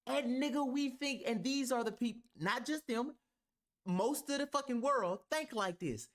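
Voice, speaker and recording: Guy with a high voice ranting on a reaction stream, swears a lot, argues hard. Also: expressive, measured pace, fairly bright tone. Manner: heated, argumentative, heavy profanity.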